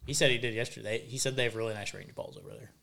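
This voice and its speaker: Casting note: easygoing male co-host, short comments, mid pitch. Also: steady tone, very fast, gravelly, pushed and bright. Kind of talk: casual chat.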